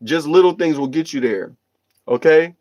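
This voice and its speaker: A man's voice: fairly high pitch, lively intonation, normal speed, darkish tone. A man hosting a livestream, reading viewer comments and giving earnest, rambling motivational talk with restarts and repeated phrases.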